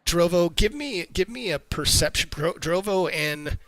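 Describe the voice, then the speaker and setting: A man runs a tabletop game, narrating scenes in loose, halting bursts. His voice sits a touch high and sounds bright and sharp. The sound is dry and close. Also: lively intonation, no room sound, low-quality recording. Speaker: game master.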